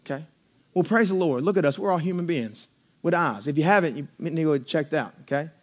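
A man preaching a sermon as pastor, mixing conversational asides with rising, drawn-out emphasis. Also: on the high side. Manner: conversational asides with self-deprecating laughs.

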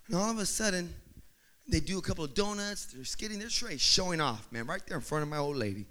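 A man with a high, bright voice spins a comic story for a crowd, swooping all over his range. He acts out each scene and climbs into shouts at the big moments. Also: big pitch swings, fast. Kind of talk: humorous personal storytelling.

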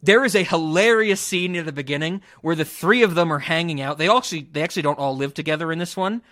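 A young man hosting a casual podcast, giving a blunt, profane, animated review of a film. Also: on the high side, fast talker, no echo, studio quality. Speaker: podcast host. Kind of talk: casual chat.

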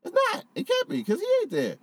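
This man's very high-pitched voice comes fast over a recording with a bit of hiss or hum. He's chatting casually on a podcast, animated, swearing liberally and laughing often.

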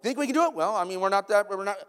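Excited squeaky churchgoer guy, as a preacher puts him on, gushing, big echoey hall. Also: rapid-fire, smooth. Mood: giddy excited. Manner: gushing, breathless exclamations. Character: giddy excited ancient churchgoers, male. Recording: long church hall reverb.

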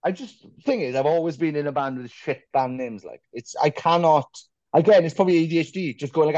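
A man's voice: fairly high pitch, fairly quick, dark tone, dry recording, muffled recording. A man from Wales, a band singer, telling rambling, sweary anecdotes as a guest in a casual podcast chat. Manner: swears freely, rambling anecdotes with mock quotes.

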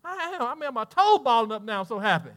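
Southern male pastor, middle-aged, very high ringing voice, lively sermon delivery. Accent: Southern American. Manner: preaching with call-and-response asides and laughter; voices imagined congregants in quick back-and-forth.

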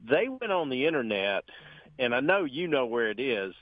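A man's voice: medium pitch, big pitch swings, moderate pace, no room sound. Male caller, folksy storyteller, tinny phone-line sound. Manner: folksy storyteller, acts out the people he quotes. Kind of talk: telling a story on a call-in show.

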